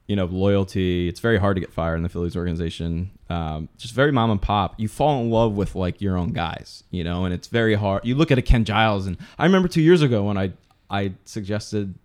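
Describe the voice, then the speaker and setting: A man with a fairly low voice talks sports in a loose, casual way. He is from the Poconos and often restarts his sentences, piling up fillers as he goes. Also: darkish tone, smooth. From Poconos, Pennsylvania. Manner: rambling, many restarts and fillers. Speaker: podcast co-host.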